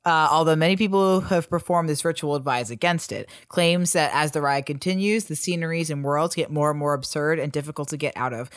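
Guy on a comedy podcast reading ritual rules out loud, dry little jokes, laughs a lot. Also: a little high, steady tone, brisk, hardly any pauses, clean tone, no echo. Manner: reads ritual steps aloud with wry asides and frequent laughs. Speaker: podcast co-host. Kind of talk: casual comedic podcast chat.

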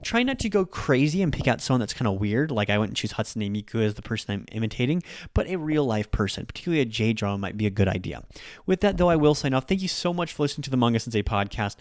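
A man hosting a podcast language lesson, patiently explaining and modeling Japanese words with exaggerated rises and falls in pitch. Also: big pitch swings, fast talker, no echo, studio quality. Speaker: podcast host and Japanese teacher.

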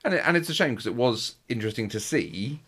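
A man's voice: mid-range voice, expressive, quick pace, fairly bright tone, slightly rough. A man co-hosting a podcast, chatting casually in a rambling way with frequent restarts. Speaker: podcast co-host. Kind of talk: casual chat recapping a baking show.

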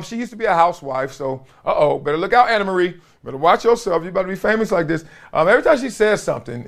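Animated, upbeat male show host. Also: sits high, gravelly. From Compton, Los Angeles. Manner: animated, joking, laughs often. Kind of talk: casual commentary monologue.

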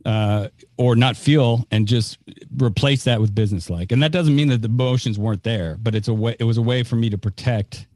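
A man's voice: mid-range voice, a little fast, a little mellow, no room sound. A man hosting a talk, sharing his own experience in a hesitant, candid way full of "you know". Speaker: podcast host giving advice. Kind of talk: reflective conversational advice.

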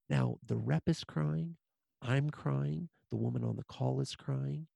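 A man's voice: medium pitch, fairly even intonation, normal speed, creaky, warm tone, husky, no echo. A man speaking as a guest in an interview, telling a story with emphasis and repeating short lines for weight.

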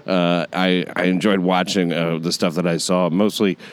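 A man's voice: low voice, level tone, normal speed, clean tone. A man hosting a casual interview, dropping wry, joking remarks. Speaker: host.

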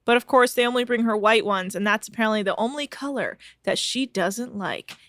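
A woman's voice: fairly high pitch, a little fast, a bit bright, no room sound. A woman co-hosting a podcast who chats casually and retells a TV episode, quoting the people in it. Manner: chatty storytelling, quotes people. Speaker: podcast co-host. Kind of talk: casual recap chat.

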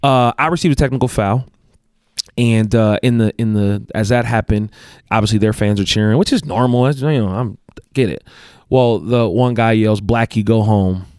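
A man's voice: fairly low pitch, normal speed, a little mellow, clean tone, no room sound, clean studio sound. A man who coaches basketball, telling a story in casual chat, rambling with restarts and self-corrections. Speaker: guest, basketball coach and athletic director.

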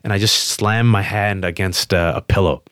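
A man's voice: sits low, clear, resonant tone, no echo, clean studio sound. Emphatic man telling a personal story. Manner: emphatic, fast restarts, animated quotes. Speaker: guest on a podcast.

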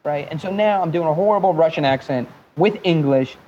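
A man guest telling an animated, joking business story with some profanity, now and then slipping into mimicked accents. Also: a little high, fairly quick, muffled recording, a little hiss or hum. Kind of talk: animated storytelling in a podcast interview.

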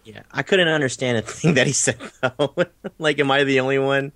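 A man's voice: mid-range voice, fairly even intonation, vocal fry, fairly bright tone, dry recording. A man hosting a casual podcast chat, enthusiastic and swearing freely. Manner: enthusiastic, swearing, quick asides. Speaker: podcast host.

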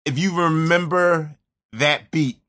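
Brief: bright, clear-toned man, rambling reflective storyteller. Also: a little high, takes it slowly. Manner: rambling, reflective, many restarts. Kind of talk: casual storytelling chat.

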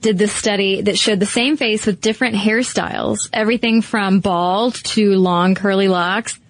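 A woman co-hosting a casual chat show, animated and full of "like" fillers. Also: medium pitch, moderate pace, dry recording. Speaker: podcast co-host.

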